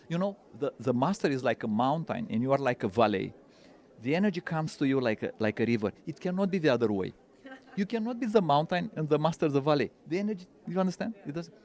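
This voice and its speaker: A man's voice: mid-range voice, darkish tone. Earnest man teaching. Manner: earnest, repeats words, non-native phrasing. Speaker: spiritual teacher. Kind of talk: interview answers.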